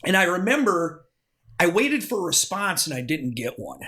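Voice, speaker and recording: A man's voice: sits high, very animated, moderate pace, bright, forceful tone. A man, a podcast guest telling a long story in casual conversation, often restarting and acting out what people said. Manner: rambling, restarts, acts out quoted dialogue. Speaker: podcast guest, former club DJ.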